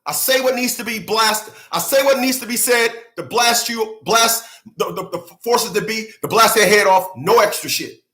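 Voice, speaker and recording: A channel host commenting on clips rants bluntly to his viewers at normal speed in a high, bright male voice. The reaction commentary is profane, with free cursing and single words repeated to hammer points home.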